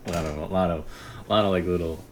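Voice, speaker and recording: Man, deep voice, casual rambling stream chat, laughs a lot, slight background hiss. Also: steady tone, fast. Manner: rambling, laughs often, mimics others in whispers. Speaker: podcast host.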